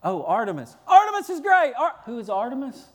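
A preacher putting on a shrill, confused rioter. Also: male voice, very animated, a little fast, in a large hall. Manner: high-pitched, loud and flustered. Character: bewildered rioter in an ancient crowd, shouting.

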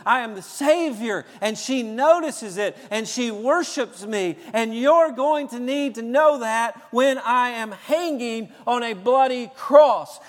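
A pastor preaching with a high-pitched voice that carries a long reverb, as in a large hall. He swings from quiet, low stretches to loud, raised bursts, preaching with drive. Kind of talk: sermon.

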